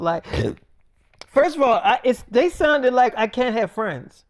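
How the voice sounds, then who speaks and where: A man with a high-pitched voice tells a rambling, profane story, quoting both himself and others as he goes. The sound is close and dry. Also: animated, slow, dry recording. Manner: rambling, profane, quotes people back and forth. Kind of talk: casual spoken story, freestyle.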